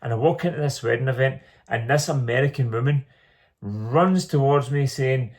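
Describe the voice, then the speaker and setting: A man's voice: medium pitch, moderate pace. An earnest man in the middle of his speaking range, telling his own story as a reflective monologue. He leans on repeated phrases to drive his points home. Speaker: small business owner telling his story.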